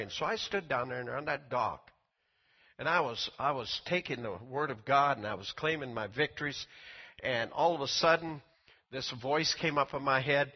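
An older man preaching a sermon, telling a personal story in a folksy way, often repeating words and climbing high when he quotes people. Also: normal speed, breathy edge, highs cut off.

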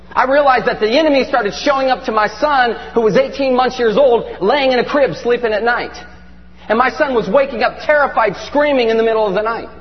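A middle-aged man preaching a sermon with animated, emphatic storytelling. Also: very high voice. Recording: dull lo-fi recording in a reverberant hall with faint hum.

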